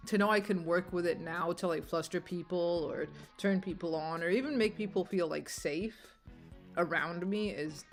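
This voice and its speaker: A tired young woman streamer with a low, croaky voice that cracks, rambling and swearing casually between laughs. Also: moderate pace, soft background music. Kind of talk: casual gameplay commentary.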